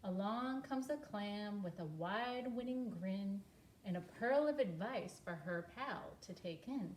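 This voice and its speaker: A woman teacher reading a rhyming picture book aloud in a slow, expressive way. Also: medium pitch, a little hiss or hum. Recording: roomy echo with faint ambience.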